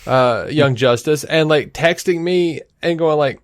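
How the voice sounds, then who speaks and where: A man co-hosting a podcast, arguing his point in an animated, casual way and swearing now and then. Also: a little high, a little slow, few pauses, dry recording, clean studio sound. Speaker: podcast co-host. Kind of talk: casual debate.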